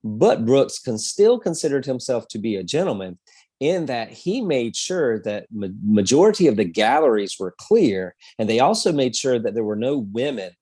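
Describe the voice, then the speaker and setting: A man's voice: mid-range voice, very animated, normal speed, a little mellow, no room sound. A man co-hosting a history podcast, telling the story in a casual, rambling way with many fillers. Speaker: podcast co-host.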